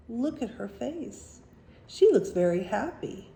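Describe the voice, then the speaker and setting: A woman reading a picture book aloud to children, gently asking them questions about the pictures. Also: fairly high pitch, very animated, takes it slowly, creaky. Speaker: storybook reader for children. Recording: roomy echo.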